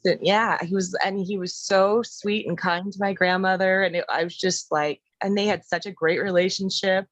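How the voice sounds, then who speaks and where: A woman's voice: medium pitch, steady tone, normal speed, few pauses, no echo. A woman co-host chatting casually, mostly reacting with short replies. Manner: responsive listener, short reactions. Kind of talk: casual chat.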